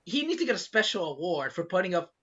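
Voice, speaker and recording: A man co-hosting a casual podcast, animated and laughing often, swearing and filling gaps with "um" and "like". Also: high-pitched, fast, slightly rough. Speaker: podcast co-host. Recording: muffled lo-fi recording.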